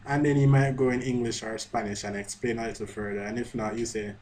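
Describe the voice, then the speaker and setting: A man's voice: mid-range voice, flat delivery, fast talker, darkish tone, slight background noise, poor audio. A man giving a screen-recorded language lesson in a chatty way, correcting himself as he types. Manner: chatty, self-correcting, talks while typing. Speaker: language teacher. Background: faint keyboard typing.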